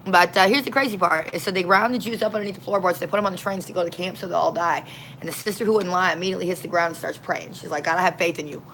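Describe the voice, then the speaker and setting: A woman's voice: lowish voice, rapid-fire, slight background noise, poor audio. Folksy woman street minister telling stories. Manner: folksy, slangy, animated. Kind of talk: casual storytelling.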